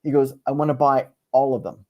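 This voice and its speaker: A man's voice: mid-range voice, a little fast, muffled recording. A man, a speaker and author, telling a story in a conversational interview, acting out the voices of people in it. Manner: animated storyteller, acts out quoted dialogue. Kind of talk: conversational storytelling on a video call.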